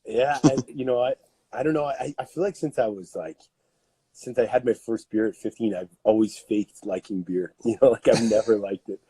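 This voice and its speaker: A Canadian man in his thirties, a podcast guest who tells stories in a loose, animated way, with lots of fillers and laughter. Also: on the low side, moderate pace, slightly rough, dry recording. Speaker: podcast guest, strength coach. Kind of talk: casual storytelling.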